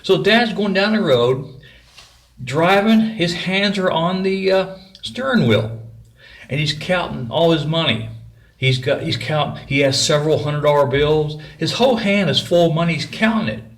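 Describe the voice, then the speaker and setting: A man's voice: on the high side, unhurried. A middle-aged man telling a personal story in a folksy, rambling way. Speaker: vlogger.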